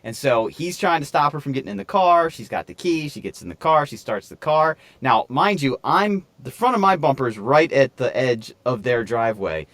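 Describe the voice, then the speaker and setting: A man's voice: medium pitch, moderate pace, few pauses, no room sound. A man co-hosting a podcast, telling a story in casual, swearing chat and acting out the people in it. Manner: animated, swears freely, acts out quoted voices. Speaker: podcast co-host.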